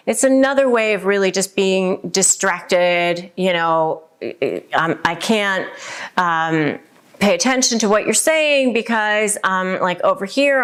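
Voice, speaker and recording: A woman's voice: mid-range voice, fairly bright tone, clear, resonant tone. A woman hosting a casual advice video who talks to camera in a conversational way, with many fillers. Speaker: host giving relationship advice.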